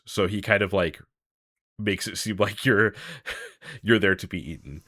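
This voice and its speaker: A man with a low voice and a bright, forceful edge talks through a game module in loose casual chat. He rambles, restarts sentences and laughs easily. The sound is dry and close. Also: fairly even intonation, moderate pace, no echo. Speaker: podcast host. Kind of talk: casual tabletop game discussion.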